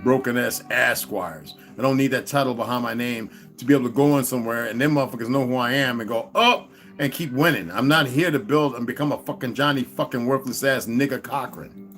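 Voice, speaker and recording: A man delivering a profane, confrontational ranting monologue as an online commentator, swinging from loud outbursts to low mutters. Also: fast talker, faint music behind.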